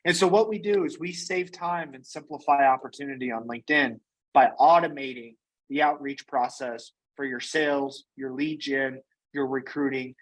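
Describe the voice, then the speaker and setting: A man being interviewed as a guest, telling his business story in a casual, energetic way and often tagging on "right?" and "you know". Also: medium pitch, moderate pace, low-quality recording. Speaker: guest, company founder and CEO.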